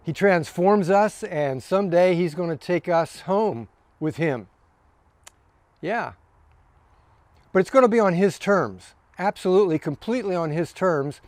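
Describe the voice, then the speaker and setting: A man giving a relaxed, conversational sermon as a pastor, recorded outdoors on his deck in the evening. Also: high voice, unhurried, long pauses, dry recording. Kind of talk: casual sermon.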